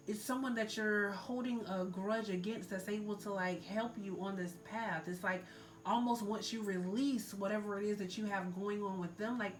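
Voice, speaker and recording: A woman's voice: mid-range voice, a little hiss or hum. Woman giving a rambling tarot reading. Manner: loose and filler-heavy, many likes and ums; earnest, urging the listener to let go. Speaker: tarot reader. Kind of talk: casual spiritual tarot reading.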